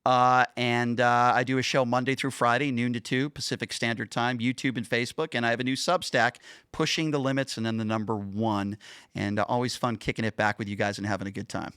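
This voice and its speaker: A man appearing as a guest on a talk panel, playful and animated, loudly protesting jokes made about him. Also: medium pitch, fairly quick, clean tone, no echo, clean studio sound. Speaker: guest, online show host. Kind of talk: casual panel chat.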